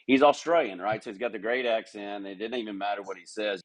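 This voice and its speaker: A man's voice: fairly low pitch, quick pace, few pauses. Candid middle-aged man telling stories. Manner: candid, storytelling, mimics others' voices. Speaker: golf club manager, podcast guest. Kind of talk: casual interview chat.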